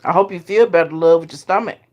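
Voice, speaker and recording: A woman's voice: on the low side, fast talker, a little mellow, muffled recording. A woman hosting a casual live chat, talking straight to her viewers and laughing often. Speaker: live stream host.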